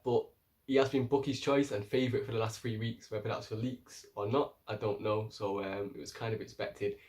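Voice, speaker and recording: A man's voice: on the low side, a little mellow. A man recapping a TV episode in a blunt, slangy, casual way, swearing freely. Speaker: TV episode reviewer. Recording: voice distant from the mic.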